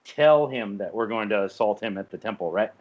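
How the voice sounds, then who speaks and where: A man's voice: lowish voice, lively intonation, a little fast. A man at a tabletop game explaining a plan with an amused, teasing tone, in dull lo-fi audio. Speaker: player. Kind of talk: casual tabletop game chat.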